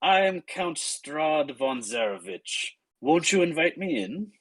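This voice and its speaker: A game master voicing Count Strahd, a suave, menacing aristocratic male vampire, speaking slowly and with courtly politeness. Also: a little high, lively intonation, a bit bright, husky, voice pushed up, heavily acted. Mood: courtly menace.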